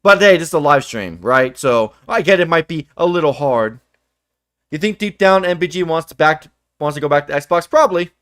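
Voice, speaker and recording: A young man co-hosting a livestream, ranting in casual chat with profane, animated outbursts. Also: a little high, normal speed, no room sound, studio quality. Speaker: livestream co-host.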